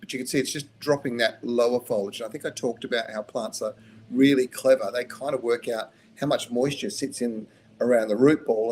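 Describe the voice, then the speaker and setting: An Australian man answering gardening questions on a live stream, chatty and practical, losing his voice and clearing his throat now and then. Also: medium pitch, darkish tone, a little hiss or hum. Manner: chatty and practical, with frequent ums and restarts.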